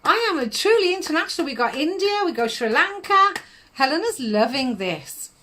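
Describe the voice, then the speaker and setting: A woman's voice: high voice, sing-song, moderate pace, fairly bright tone, a little hiss or hum. A middle-aged woman, giving psychic readings on a live stream in a chatty manner, laughing often and calling viewers darling.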